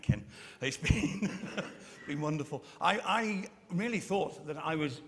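A man from Birmingham, an actor, giving a gracious, thankful speech on stage. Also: mid-range voice. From Birmingham, England. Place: theatre stage. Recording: long hall reverb, faint room noise.

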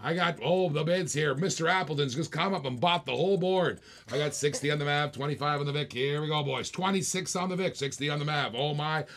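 A man's voice: fairly high pitch, a little fast, creaky, hardly any pauses, fairly bright tone, slight background noise. A man hosting a live online auction, calling bids in playful, repetitive patter with jokes. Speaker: auctioneer and host.

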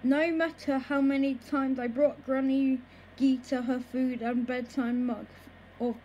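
A woman reading a children's book aloud in a slow, careful way, with occasional small stumbles over words. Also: high voice, little pitch movement, mellow, a little hiss or hum, rough recording. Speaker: storybook reader.

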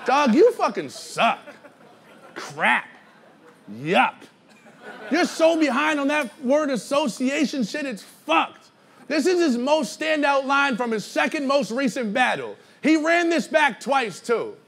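High-voiced mocking battle rapper. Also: male voice, very animated, slow, vocal fry. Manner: mocking, loud, laughing through lines. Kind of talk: battle rap performance. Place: live battle rap event with a crowd. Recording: noisy live crowd recording.

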